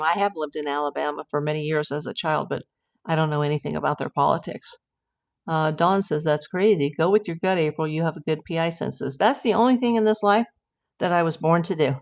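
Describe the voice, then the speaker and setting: A woman's voice: deep voice, a little fast. A middle-aged woman hosting a casual livestream, chatting and reading viewer comments aloud in a rambling way. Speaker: livestream host.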